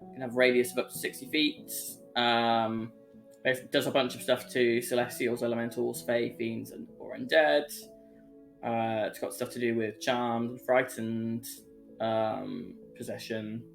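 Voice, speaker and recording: A man's voice: mid-range voice, steady tone, unhurried, creaky. A man with a Birmingham accent, a player in a tabletop game, chatting casually and reading rules with lots of fillers. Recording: music bed under voice.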